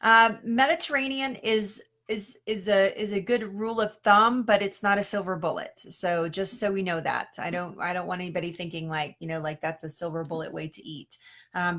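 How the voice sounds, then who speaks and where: A woman's voice: fairly low pitch, a bit bright. A woman health coach chatting casually on a live stream, answering questions with lots of ums and restarts and frequent laughs.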